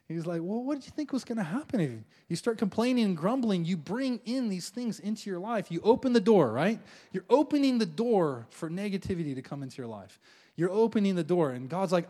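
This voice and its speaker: A man preaching a sermon as pastor, playful and animated, acting out the prayers of his listeners with little laughs. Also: sits high, brisk.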